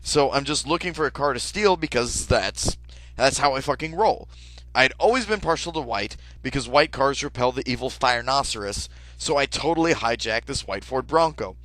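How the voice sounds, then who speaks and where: A young man spins a tall comic tale in a laid-back, deadpan delivery, full of casual swearing and filler words. His voice is mid-pitched and recorded dry and close. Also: moderate pace, no room sound, low-quality recording. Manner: casual, deadpan, profane, lots of "like". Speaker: storyteller. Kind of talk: comic absurd storytelling.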